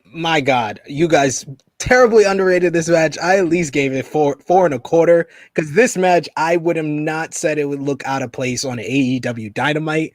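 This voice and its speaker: A man co-hosting a casual wrestling review podcast, animated and quick to laugh as he quotes wrestlers. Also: a little high, no echo. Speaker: podcast co-host.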